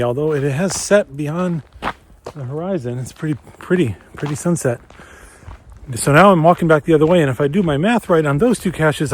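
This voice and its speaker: Walking briskly along a snowy trail and a little out of breath, this geocaching vlogger from Minnesota chats eagerly to his audience. He has a fairly high-pitched, somewhat dark voice.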